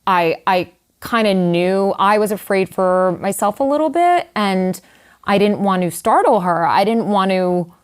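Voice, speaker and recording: A young adult woman telling a personal story in a candid, animated way, full of "like" and "you know". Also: mid-range voice, unhurried, smooth. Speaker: guest writer. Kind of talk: conversational storytelling.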